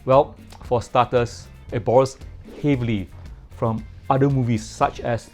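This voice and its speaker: A man's voice: medium pitch, fairly even intonation, measured pace, darkish tone, soft background music. A man giving a casual spoken film review in a playful way, repeating words for comic effect.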